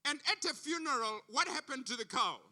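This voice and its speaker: At a church service, an African guest preacher delivers a sermon full of stories, hammering points home by repeating phrases. He speaks briskly in a very high, bright voice with lively intonation and a forceful tone.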